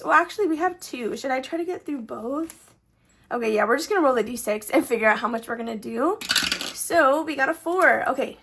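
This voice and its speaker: A young Texan woman with a high, fairly bright voice vlogs casually about her savings challenges. She's chatty, uses lots of fillers, and lets her sentences trail upward at the end as a budgeting vlogger.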